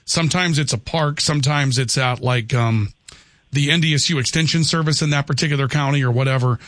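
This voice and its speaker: A man's voice: mid-range voice, fairly quick, a bit bright, no room sound. A man hosting a call-in radio talk show, bantering and teasing his co-host and callers.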